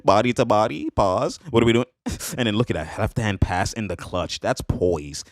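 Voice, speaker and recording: A man reacting to basketball highlights in a hyped, slangy way, laughing often and repeating catchphrases. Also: moderate pace, dry recording, clean studio sound. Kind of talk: excited casual highlight reaction.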